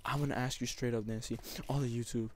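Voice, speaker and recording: A young YouTuber makes an emotional, teary proposal over a gaming commentary, rambling, repeating himself and often saying "basically." His voice is medium-pitched with fairly even intonation and a quick pace. A little hiss or hum is audible.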